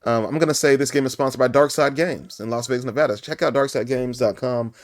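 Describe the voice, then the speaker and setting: A man's voice: mid-range voice, fast talker, no room sound. Goofy joking podcast host, a man. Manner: joking, goofy, laughs often. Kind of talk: casual podcast chat.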